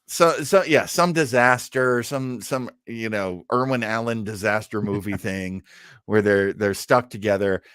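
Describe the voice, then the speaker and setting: A man co-hosting a casual review podcast, animated, his voice jumping high when he is surprised. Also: unhurried, few pauses, smooth, no room sound, studio quality. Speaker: podcast co-host.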